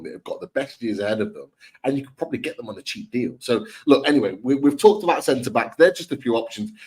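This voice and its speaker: Man, husky voice, podcast co-host, casual football chat, rambling. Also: medium pitch, a little mellow. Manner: rambling, repeats himself, fillers. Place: home, remote live stream. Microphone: video call mic.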